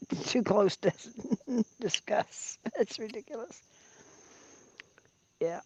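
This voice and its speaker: A woman's voice: medium pitch, takes it slowly, husky. A woman in her seventies on a livestream, chatting and telling stories with frequent laughs. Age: 70s. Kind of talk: casual chat.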